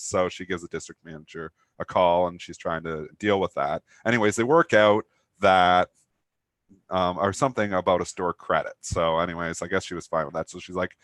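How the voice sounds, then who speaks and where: A man's voice: low-pitched, fairly quick, a bit bright, dry recording. A man co-hosting a live talk show, telling a long rambling story with lots of fillers. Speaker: co-host of a trading talk show. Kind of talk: casual anecdote chat.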